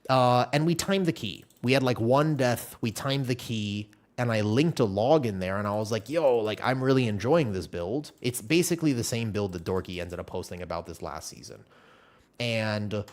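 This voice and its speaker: A man live streaming a game, telling a long story in a casual, animated way with many restarts. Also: fairly low pitch, normal speed. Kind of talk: casual chat while playing a game.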